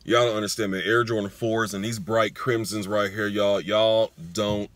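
A man's voice: lowish voice, moderate pace, no room sound. A young adult man hosting a casual sneaker unboxing vlog, emotional and slangy, talking straight to his viewers. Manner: excitable, emotional, slangy, addresses viewers directly. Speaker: sneaker vlogger.

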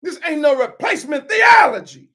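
A man preaching a sermon with impassioned shouting and rhetorical questions. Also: very high voice, very animated, normal speed.

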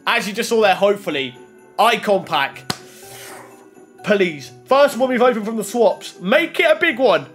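Excitable young man, high voice. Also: normal speed, soft background music. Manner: excitable, swings from muttering to shouting. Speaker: gaming YouTuber. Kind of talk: casual pack-opening commentary. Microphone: desk microphone.

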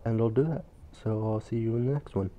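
A man's voice: lowish voice, fairly even intonation, a little fast, muffled recording. A young man giving casual gameplay commentary as a gaming YouTuber, grumbling and swearing, turning frantic when the game gets hectic, recorded on a phone at home.

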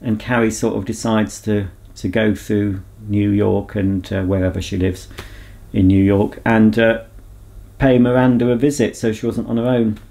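A man's voice: fairly low pitch, flat delivery, normal speed, creaky, dark tone. A man vlogging in a casual, rambling chat to camera, talking candidly and reflecting on himself.

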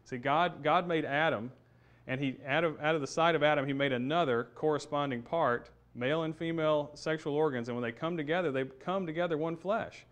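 A man's voice: on the high side, a little fast. A man teaching a Bible study lesson, explaining a passage step by step in a conversational way, thinking aloud with restarts and fillers.

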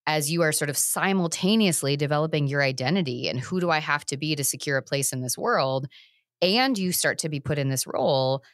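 A woman's voice: sits low, brisk, no echo, studio quality. A woman therapist hosting a podcast, explaining her ideas thoughtfully in casual conversation.

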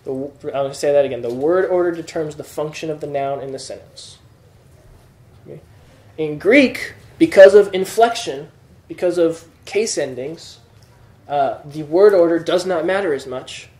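This is a male Greek teacher, slightly high-voiced and a little mellow, speaking at a moderate pace. He patiently explains a classroom lesson and checks that students are following, and the room is echoey.

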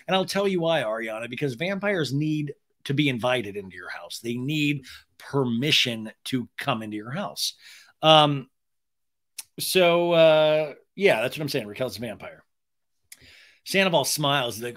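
A man hosting a podcast, recapping a reality show in animated, gossipy commentary. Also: fairly high pitch, moderate pace. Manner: animated and gossipy, with frequent restarts. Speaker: podcast host.

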